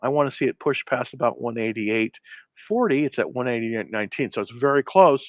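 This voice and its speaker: A man's voice: mid-range voice, lively intonation, brisk, dry recording, muffled recording. A man hosting a trading show, talking through stock picks in a loose, rambling way with many fillers and restarts. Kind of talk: casual market commentary.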